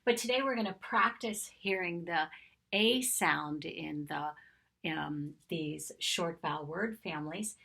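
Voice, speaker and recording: A woman's voice: on the low side, measured pace, gravelly, bright, forceful tone, breathy edge. A woman teaching a phonics lesson to young children, patiently sounding out letters and vowel sounds and praising them often. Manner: encouraging praise directed at children. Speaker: kindergarten teacher.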